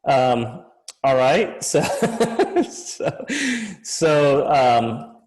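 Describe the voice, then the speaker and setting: A man's voice: mid-range voice, big pitch swings, drawn-out words, a little mellow, poor audio. A man narrating a tabletop game as game master, rambling with many fillers and laughing easily.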